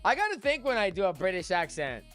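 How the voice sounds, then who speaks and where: A man's voice: high-pitched, big pitch swings, fast, fairly bright tone, soft background music. A man hosting a live crypto trading stream, hyped and joking, chanting a catchphrase over and over. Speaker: host, crypto trader. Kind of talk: live-stream market commentary.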